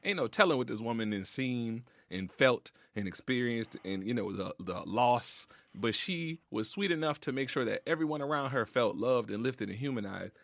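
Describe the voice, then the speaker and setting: Man, middle pitch, reflective, slangy, emotional, casual talk, dry studio sound. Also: expressive, normal speed, creaky, few pauses, fairly bright tone, no echo. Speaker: podcast guest. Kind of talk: casual heartfelt conversation. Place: podcast studio.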